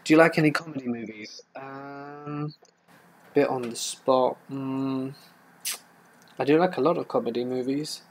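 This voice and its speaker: A man who narrates horror stories and runs a channel hosts a casual live stream, answering viewer questions in a chatty, hesitant way with frequent fillers and restarts. His voice is mid-range and a little slow, with slight background noise.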